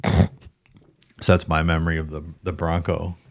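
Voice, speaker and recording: A man's voice: extremely low pitch, level tone, moderate pace. A man co-hosting a podcast, telling a story in casual chat and laughing often. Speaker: podcast co-host.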